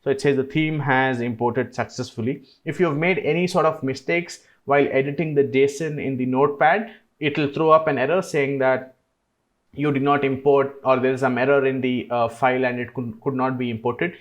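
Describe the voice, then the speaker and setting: A man hosting a screen-recorded software tutorial, explaining each step in a relaxed way with frequent "uh"s. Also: mid-range voice, moderate pace. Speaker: tutorial host.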